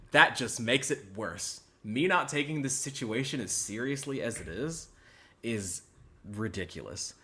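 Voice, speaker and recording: A young man with a bright, forceful voice hosts a podcast and piles on sarcastic, over-the-top apologies. His delivery lurches from loud protests to low mumbles. The contrition is plainly exaggerated. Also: vocal fry. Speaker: podcast host.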